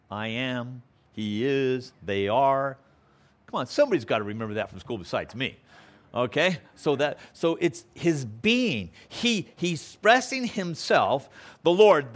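A man's voice: mid-range voice, fairly bright tone. A man teaching a Bible passage in a conversational way, checking in with listeners and building to emphatic preaching. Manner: conversational, checks in with frequent "okay?"; acts out quotes with playful voices.

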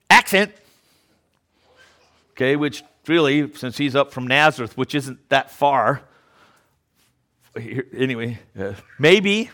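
A man's voice: sits high, bright, forceful tone. Preacher, male, easygoing sermon talk, frequent restarts and check-ins. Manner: repeats words, often checks in with "Okay?". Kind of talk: conversational sermon.

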